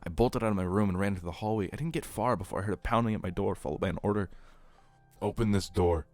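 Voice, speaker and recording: A man reading a horror story aloud as narrator, steady and earnest. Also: on the low side, racing, dry recording, faint music behind.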